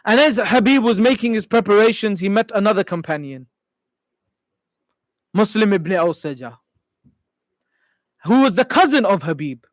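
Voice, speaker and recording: A man's voice: high-pitched, animated, normal speed, long pauses, no room sound, poor audio. A male preacher impassioned in telling a sacred story during a sermon.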